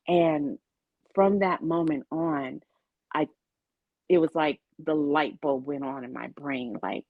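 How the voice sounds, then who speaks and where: A woman's voice: deep voice, takes it slowly, creaky, no room sound, phone-quality sound. A woman giving an interview, telling her personal story of illness and faith with earnest storytelling and quoted dialogue. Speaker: interview guest.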